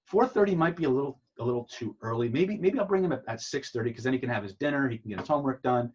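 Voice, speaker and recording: A man's voice: mid-range voice, expressive, rapid-fire, darkish tone, husky. A man voicing a hesitant mother who stumbles and repeats words while booking her son's class. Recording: dull lo-fi sound.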